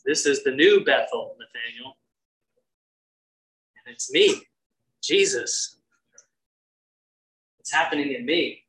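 A preacher teaching from scripture with a bright, forceful tone. The delivery is emphatic and insistent, hammering home key lines through repetition. Pitch sits in an ordinary middle range. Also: rough recording. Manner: emphatic, repeats key phrases for stress. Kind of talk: sermon, Bible teaching.

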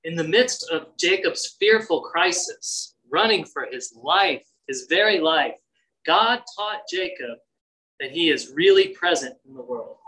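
A preacher teaching from scripture with a bright, forceful tone. The delivery is emphatic and insistent, hammering home key lines through repetition. Pitch sits in an ordinary middle range. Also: animated, unhurried, poor audio. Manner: emphatic, repeats key phrases for stress. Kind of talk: sermon, Bible teaching.

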